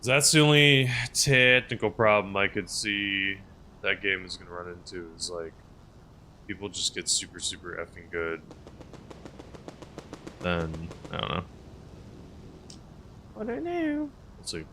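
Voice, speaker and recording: A man's voice: deep voice, steady tone, measured pace, pauses often, background noise. A male streamer in casual live-stream chat, rambling and answering his chat's messages as he plays.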